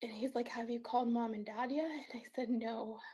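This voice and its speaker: A woman's voice: fairly high pitch, steady tone, fairly quick, dark tone, husky. A woman guest on a call-in show, telling her own story in an earnest, tearful way. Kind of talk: emotional first-person account.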